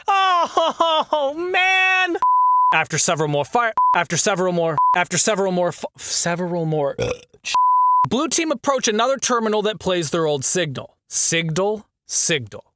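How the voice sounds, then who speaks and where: A man's voice: sits high, animated, normal speed, bright, forceful tone. A man recording a scripted critique who keeps stumbling over words, cursing at himself and restarting. He says his throat is sore. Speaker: video essay narrator recording outtakes. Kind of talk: blooper outtakes of a scripted critique.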